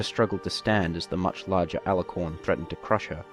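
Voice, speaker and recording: A man's voice: sits low, steady tone, fairly quick, hardly any pauses, faint music behind. A man reading a fan fiction story aloud as narrator. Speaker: story reader.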